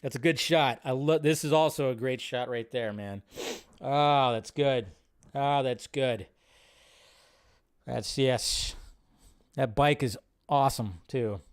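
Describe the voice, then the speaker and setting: A man hosting a live stream, reacting to a movie trailer in an excitable, rambling way and swearing freely. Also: mid-range voice, slow, long pauses, smooth. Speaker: host. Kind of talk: casual live-stream commentary.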